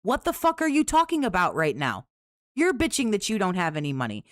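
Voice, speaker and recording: A woman's voice: medium pitch, huge pitch swings, moderate pace, fairly bright tone, no echo, clean studio sound. A woman hosting a commentary channel, cutting into clips with profane, sarcastic, scornful remarks. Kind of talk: mocking clip commentary.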